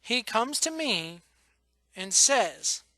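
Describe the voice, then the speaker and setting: A man's voice: very high voice, very animated, extremely slow, bright, forceful tone, no echo. A man hosting his podcast, venting frankly and emotionally, cursing and restarting his sentences. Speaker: podcast host. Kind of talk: blunt personal rant.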